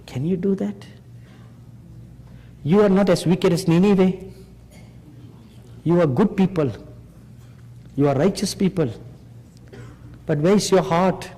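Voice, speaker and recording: A man delivers a sermon at a slow, weighty pace, leaning on rhetorical questions to press his listeners. His voice sits a little higher than most men's. The sound carries a long reverb, as though recorded in a big hall. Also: warm tone. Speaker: preacher.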